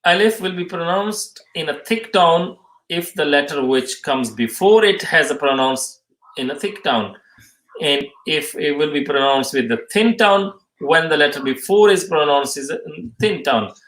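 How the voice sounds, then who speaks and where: A man teaching a live tajweed lesson, reading out questions and explaining the answers haltingly, often restating each term twice. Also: fairly high pitch, animated, fairly bright tone. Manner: halting, many fillers, restates terms twice. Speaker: Quran recitation teacher. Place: mosque or Islamic centre room. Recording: roomy echo.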